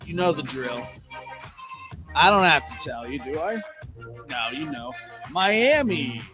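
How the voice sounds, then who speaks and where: A man hosting a live stream in a relaxed, chatty way, greeting viewers and reading out where they are tuning in from. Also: fairly high pitch, takes it slowly, over music. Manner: relaxed, chatty, reads out viewer names and places. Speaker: livestream host. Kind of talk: casual live-stream chat. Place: home studio in the Pacific Northwest.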